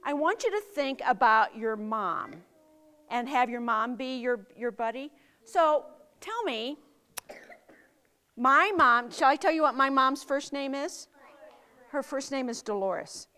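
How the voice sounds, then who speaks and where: Teaching young children about safety, a middle-aged woman speaks slowly and emphatically, quizzing them with many questions. Her voice is high, animated and smooth, with a sharp edge.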